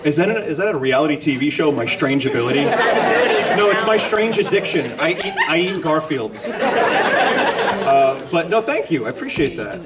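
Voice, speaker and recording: Picked up by a distant mic in a loud, very noisy convention hall crowd, a man with a fairly high, very animated voice speaks at a moderate pace. On a comedic panel, he rambles through audience questions with self-deprecating jokes.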